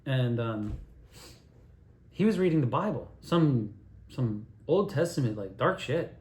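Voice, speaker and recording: A man's voice: medium pitch, animated, unhurried, darkish tone. A man rambles through his own wild stories with a middling voice, cursing and chuckling as he drifts off track. The sound carries the echo of a roomy space around him. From Altoona area, Pennsylvania. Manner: loose, digressive, swearing, laughing at own stories. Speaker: storyteller. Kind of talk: rambling personal storytelling.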